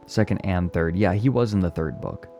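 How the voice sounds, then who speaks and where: A man streaming and chatting casually with his viewers, speaking gently and with enthusiasm. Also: low-pitched, expressive, normal speed, faint music behind. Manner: gentle, soft-spoken. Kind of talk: casual live-stream chat, answering chat.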